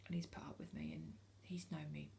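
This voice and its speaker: This woman, a UK vlogger in her forties, speaks to camera in a low, gravelly, dark-toned voice that's very animated and brisk. She's frank and earnest but casual, pausing with ums and starting over often. A little hiss or hum sits under the audio.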